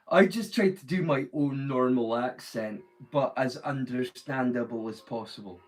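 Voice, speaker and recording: A man's voice: mid-range voice, measured pace, hardly any pauses, soft background music, rough recording. A man with a Scottish accent chatting casually to viewers during a watch-along stream, rambling and explaining with many restarts. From Scotland.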